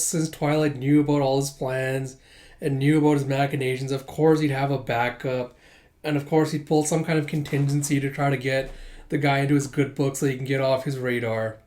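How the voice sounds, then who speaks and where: A man's voice: medium pitch, darkish tone. A man giving a casual, rambling commentary on a manga chapter, thinking aloud with fillers.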